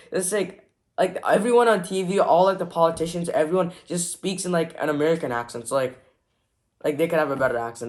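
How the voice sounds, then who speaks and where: A young man hosting a reaction video, mocking and exasperated, full of "like" fillers. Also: sits high. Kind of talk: sarcastic reaction commentary.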